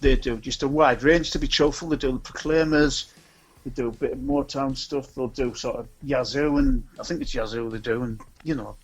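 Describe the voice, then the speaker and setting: A man's voice: mid-range voice, fairly even intonation, normal speed, breathy edge, dull audio. A man with a North East English accent, raised in Scotland, chatting casually as a guest about a charity music event, rambling with many ums and restarts. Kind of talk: casual chat.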